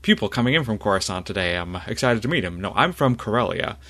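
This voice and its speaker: A man's voice: fairly low pitch, animated, quick pace, bright, forceful tone, heavily acted. A man voicing a friendly young male student pilot in a tabletop game, hesitant and full of fillers.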